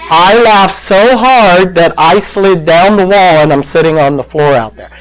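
An older male pastor telling a personal story in a sermon, slow and emotional, choking up at times. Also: sits high, poor audio.

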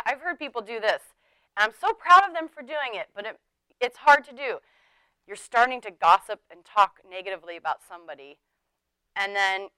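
A woman's voice: fairly high pitch, pushed and bright, clean tone, dry recording, rough recording. A middle-aged woman teaching a sermon in a chatty way, laughing often and acting out the people she quotes. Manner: conversational, laughing, acts out quoted speech.

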